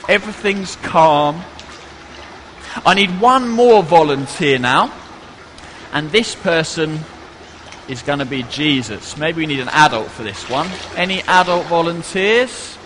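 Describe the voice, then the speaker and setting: A man's voice: on the high side, animated, a little slow, fairly bright tone, big-room sound, slight background noise. A man giving an interactive children's Bible talk to a congregation in church, playful and coaxing everyone to join in.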